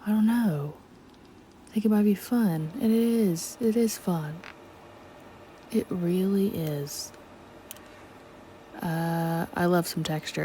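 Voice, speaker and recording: A woman's voice: on the low side, unhurried, pauses often, mellow, slight background noise. A woman narrating her painting in a chatty, scattered late-night voiceover, talking to herself and slipping in and out of a country twang. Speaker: art vlogger. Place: at home at night.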